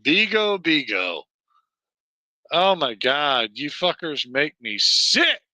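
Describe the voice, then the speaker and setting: A man with a Southern American accent delivers a slow, profane, rambling livestream rant packed with fillers and restarts. His voice is very bright and cutting, and the sound is close and completely dry, with no room around it. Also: a little high, expressive, no room sound. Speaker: livestream host. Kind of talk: ranting livestream monologue.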